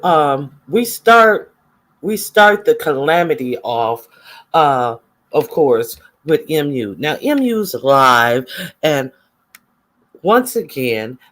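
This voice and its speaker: A man's voice: medium pitch, a bit bright. A man giving casual, gossipy livestream commentary and chatting with his viewers.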